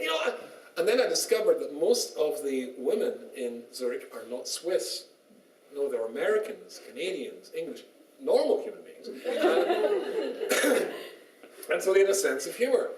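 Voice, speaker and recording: Lively joking rabbi in echoey room. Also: male voice, on the high side, unhurried. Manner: joking storyteller, lively, laughs often. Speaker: rabbi giving a lecture. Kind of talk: humorous lecture. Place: small synagogue lecture room. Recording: roomy, distant, faint background noise.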